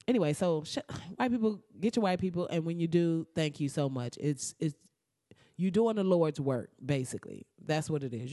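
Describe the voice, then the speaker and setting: A woman's voice: moderate pace, no room sound, clean studio sound. Blunt, profane woman commentator. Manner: animated and blunt, swears freely, swings into loud high outbursts. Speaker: commentary host. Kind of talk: profane comedic news commentary.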